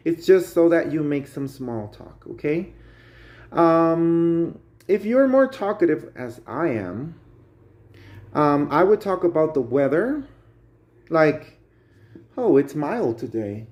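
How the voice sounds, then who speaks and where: A man's voice: a little high, expressive, slow pace, a little mellow. A man with a Guatemalan Spanish accent, a native Spanish speaker, teaching English as a chatty teacher who keeps addressing viewers as guys. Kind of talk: casual spoken English lesson.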